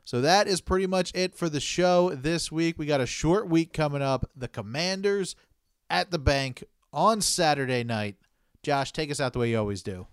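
A laid-back man hosting a podcast, mostly answering with short agreements and running through the outro at a quick clip. His voice is smooth and a touch high, recorded close and dry. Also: animated, dry recording. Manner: laid-back, brief agreeing replies, reads promos briskly. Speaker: podcast host. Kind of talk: casual chat and scripted outro.

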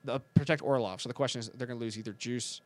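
A man co-hosting a casual chat, talking fast and correcting himself as he goes. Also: mid-range voice. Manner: rambling, quick, self-correcting. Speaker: podcast co-host.

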